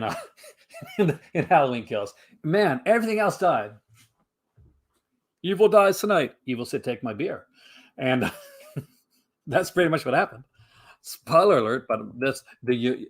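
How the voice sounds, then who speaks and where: A man's voice: mid-range voice, husky. A man hosting a casual livestream, answering his chat in a rambling way full of fillers and restarts. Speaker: livestream host.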